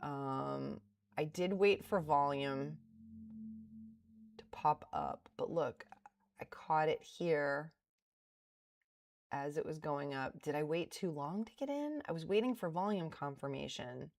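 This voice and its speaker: A woman's voice: low-pitched, slow pace, long pauses. A middle-aged woman streaming her day trading, thinking aloud in a casual, self-deprecating way as she reviews her trades at a home desk. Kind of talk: casual livestream commentary.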